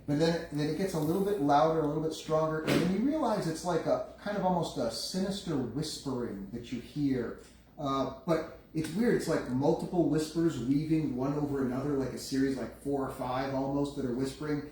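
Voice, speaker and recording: A game master narrates a live tabletop session, his voice slightly high for a man. He tells the scene in halting bursts, restarting his sentences. He sounds far off in a very echoey room with a faint hiss. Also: a little mellow. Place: room around a gaming table. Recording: echoey room, distant mic, faint noise.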